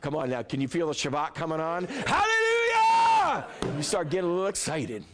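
A man preaching to a church congregation with a somewhat high voice. He swings from joking, lively talk to soft, hushed prayer. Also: quick pace, over a noisy crowd, heavy background noise. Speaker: pastor. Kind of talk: sermon.

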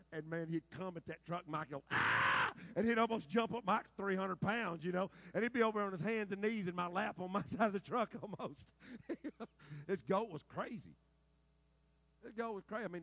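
A middle-aged man preaching a sermon, telling stories dramatically and swinging between loud outbursts and quiet, low stretches. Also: slight background noise, rough recording. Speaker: pastor.

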